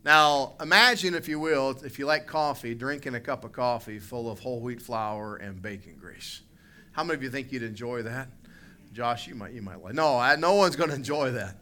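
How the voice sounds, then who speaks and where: A middle-aged pastor with a Southern US accent, preaching a sermon with humorous stories that build into emphatic points. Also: male voice, mid-range voice, normal speed, sharp tone.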